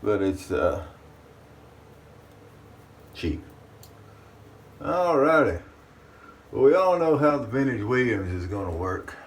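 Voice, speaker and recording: A man's voice: mid-range voice, sing-song, slow, pauses often. A man hosting his shaving channel, chatting casually to the camera in a folksy way from his bathroom. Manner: folksy, talks about himself in third person. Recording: distant mic with faint room noise.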